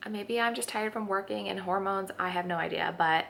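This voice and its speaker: Sniffling and worn out, a young vlogger rambles confessionally to her camera at home in the kitchen. Her mid-range voice is brisk and gravelly with a slightly bright edge.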